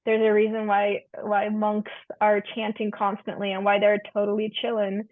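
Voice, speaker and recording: A woman's voice: mid-range voice, no room sound. A woman counselor and yoga teacher explaining breathwork as an interview guest, earnest with easygoing slang. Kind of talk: casual interview talk. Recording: tinny phone-like line, dry.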